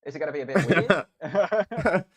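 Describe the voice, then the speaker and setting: A man's voice: a little high, animated, a little slow, fairly bright tone. A man co-hosting a gaming podcast, joking around and explaining things in detail. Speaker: podcast co-host. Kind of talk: casual gaming podcast chat.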